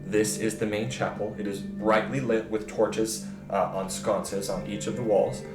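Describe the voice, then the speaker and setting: A man with a fairly low voice narrates as game master of a tabletop game, building scenes and correcting himself as he goes. His voice echoes in a roomy space, with music playing clearly behind him. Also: flat delivery, measured pace. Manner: descriptive, with frequent self-corrections.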